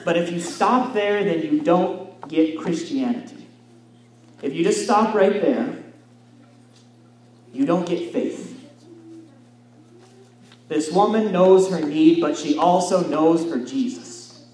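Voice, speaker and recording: A man preaches slowly and deliberately, pressing his points with questions to the congregation. His voice sits high for a man. The sermon is captured from a distance in an echoey church, with faint room ambience underneath. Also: darkish tone. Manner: emphatic preaching with rhetorical questions. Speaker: pastor. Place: church sanctuary.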